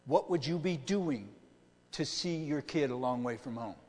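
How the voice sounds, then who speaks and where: A man's voice: medium pitch, lively intonation, moderate pace, darkish tone, in a large hall. A middle-aged male pastor preaching a conversational sermon, often asking the congregation questions.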